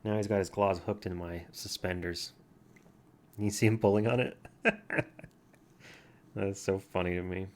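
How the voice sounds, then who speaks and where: Soothing low-voiced man, easygoing. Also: fairly even intonation, a little slow, long pauses. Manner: soft, easygoing, chatting to his cat in a babying voice at times. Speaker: vlogger. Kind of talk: casual chat while playing a word game. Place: home, at a computer with a cat in his lap. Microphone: computer mic from farther back than usual.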